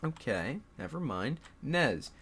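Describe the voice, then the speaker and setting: A man's voice: medium pitch, big pitch swings, slow, fairly bright tone, a little hiss or hum. A young man casually commentating his solo board game play, swearing, laughing and talking to his game pieces.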